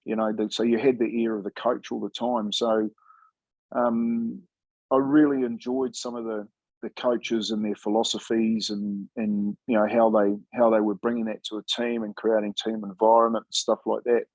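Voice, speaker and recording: Husky-voiced man telling stories easygoingly. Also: fairly low pitch, flat delivery, moderate pace, darkish tone, no room sound, highs cut off. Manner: laid-back, chatty, says "mate" often, acts out quoted dialogue. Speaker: former rugby league player and coach, guest. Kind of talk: casual storytelling interview.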